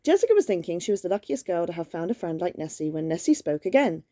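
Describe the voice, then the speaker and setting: A woman's voice: on the low side, sing-song, fast talker, mellow, no room sound, studio quality. A woman reading a children's gift book aloud at home in a playful, chatty way, stopping now and then to banter. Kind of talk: casual read-aloud storytime with banter.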